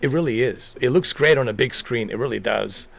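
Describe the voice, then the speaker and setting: A man's voice: mid-range voice, brisk, vocal fry, a bit bright. A man streaming a game, chatting casually and rambling with lots of jokes and laughter. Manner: rambling, joking, laughs often. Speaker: gaming streamer.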